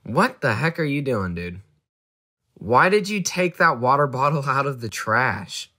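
A man playing the baffled straight man in a comedy sketch, deadpan and puzzled. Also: mid-range voice, measured pace. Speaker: co-host.

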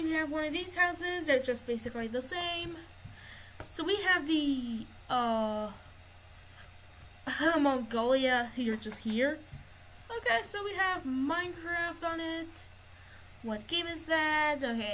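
A woman's voice: high voice, sharp tone, a little hiss or hum, poor audio. A woman giving casual gameplay commentary, narrating what she finds as she explores. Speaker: gamer.

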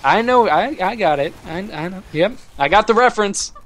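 A commentator calling a video game match with rapid play-by-play, saying "gonna be" constantly. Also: mid-range voice, animated, slight background noise. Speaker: esports commentator.

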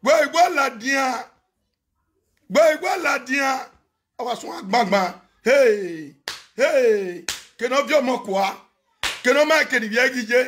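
A Nigerian man on a phone live video, ranting and chanting loudly, often shouting and switching between Pidgin and local languages. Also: extremely high pitch, brisk. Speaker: social media personality on a live video. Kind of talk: animated live-stream rant and chanting.

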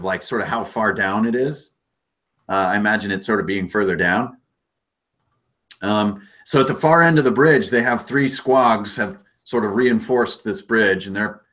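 A man's voice: lowish voice, fairly bright tone. A man narrating a tabletop game as game master, easygoing and loose.

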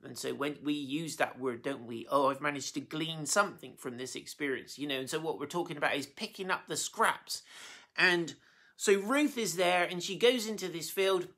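A preacher retelling a Bible story in a chatty sermon, with frequent fillers and restarts. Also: mid-range voice. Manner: conversational and lively, with many fillers and restarts, acting out quotes. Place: church meeting room.

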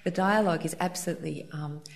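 A woman's voice: on the low side, fast, vocal fry. A woman interviewing an author onstage in front of an audience, effusive and full of restarts. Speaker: interviewer at a live author event. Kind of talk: onstage conversation.

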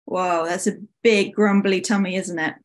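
A woman author reading her picture book aloud to schoolchildren, animated and inviting them to join in. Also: mid-range voice, normal speed. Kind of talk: expressive read-aloud to schoolchildren.

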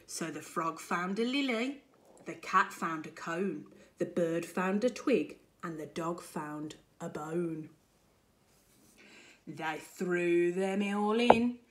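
A woman primary school teacher reading a picture book aloud to children with expressive storytelling. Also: on the low side. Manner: expressive, slow and deliberate storytelling.

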